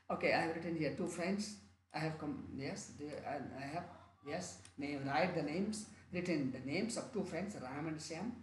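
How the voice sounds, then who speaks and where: A male teacher with a Nepali accent walks students through exam questions, circling back and repeating phrases as he goes. His voice sits a little high, and the room gives it a noticeable echo with a faint hum of ambience behind. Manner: repetitive, restarts and rephrases often. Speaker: English teacher. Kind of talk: online exam-prep lesson.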